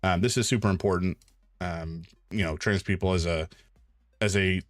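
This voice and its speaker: A man streaming live, chatting casually while he draws, rambling and self-mocking with sudden loud exclamations. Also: fairly low pitch, no room sound, clean studio sound.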